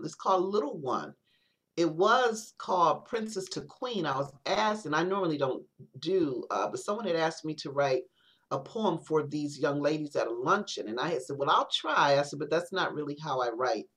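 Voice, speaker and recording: A woman poet, a guest on an interview podcast, talking reflectively in casual conversation, with many halting restarts. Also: low voice, animated, fairly bright tone.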